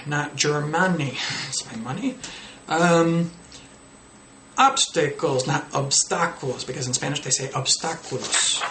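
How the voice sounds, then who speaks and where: Guy teaching english tips to camera, bit of fry in the voice, acts out mistakes, roomy sound. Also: sharp tone. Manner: explains casually, acts out student errors with pitch jumps. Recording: roomy echo with faint noise.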